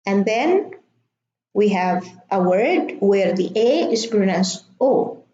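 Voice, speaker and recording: Woman teacher, very slow, deliberate word-by-word pronunciation drill; roomy, dull lo-fi recording. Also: mid-range voice, expressive, a little mellow. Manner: reads out word lists slowly and deliberately, with fillers. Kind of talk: slow classroom-style pronunciation lesson.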